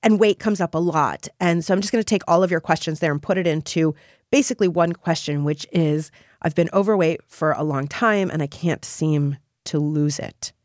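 A woman hosts a solo podcast and speaks to her listeners with gushing encouragement and plenty of emphasis. Her voice sits a little low for a woman. The sound is dry and close, with no room echo. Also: moderate pace, a little mellow. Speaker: podcast host.

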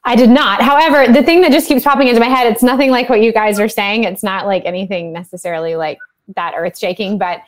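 A woman's voice: a little high, quick pace. A woman hosts a casual conversation. She talks in a chatty, easygoing way and fills her sentences with "like" and "um.". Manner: chatty, many fillers like "like" and "um". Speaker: host. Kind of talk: casual chat.

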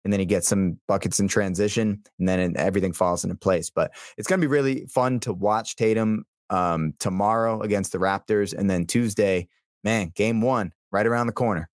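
A man co-hosting a sports podcast, telling things in a relaxed, rambling way. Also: lowish voice, moderate pace, no echo, studio quality. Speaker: podcast co-host. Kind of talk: casual sports chat.

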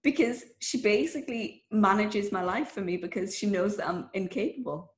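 A woman's voice: medium pitch, moderate pace. Woman, encouraging, laughs a lot, roomy echo. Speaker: podcast co-host. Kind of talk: casual chat.

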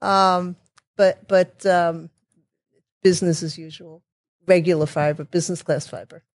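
A woman talking as a guest in a casual interview, chatty and quick to restart her sentences, with sarcastic asides. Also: lowish voice, fairly even intonation, warm tone, no echo. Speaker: guest, technology consultant.

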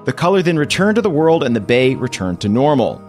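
Animated man narrating a tabletop game. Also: mid-range voice, fairly quick, over loud music. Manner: playful, animated storytelling. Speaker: game master.

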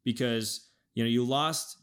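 A man co-hosting a sports podcast, thinking aloud in an animated way with frequent restarts as he breaks down his team's football season. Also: mid-range voice, a little slow, clear, resonant tone. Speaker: podcast co-host. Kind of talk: casual sports podcast analysis.

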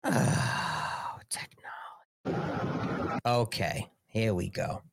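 A man's voice: fairly low pitch, extremely slow, gravelly, noisy background. A man hosting a casual live political show, rambling and sarcastic with frequent swearing. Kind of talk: casual live-stream commentary.

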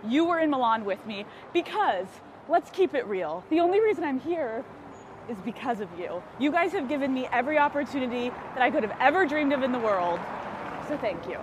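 A woman's voice: sits high, sing-song, a little fast, background noise. A woman podcast host vlogging outdoors on city streets, bubbly, laughing often and swearing freely. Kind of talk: travel vlog, talking to camera.

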